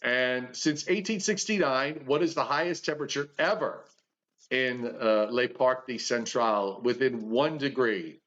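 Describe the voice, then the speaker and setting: A man's voice: mid-range voice, unhurried, a bit bright. Hesitant man talking weather, lo-fi. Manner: hesitant, stammering restarts. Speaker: weather show co-host. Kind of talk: casual weather chat. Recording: dull lo-fi audio.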